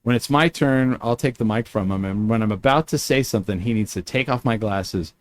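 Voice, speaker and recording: A man's voice: lowish voice, fairly quick, a little hiss or hum. A man hosting a casual chat, telling a story with lots of fillers and restarts. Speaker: podcast host.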